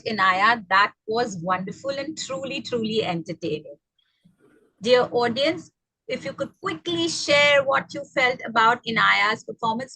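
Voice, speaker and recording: A woman's voice: fairly high pitch, bright, forceful tone, slightly rough, dry recording, rough recording. A woman hosting an online event over a video call, encouraging and reading out audience comments. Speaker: event host.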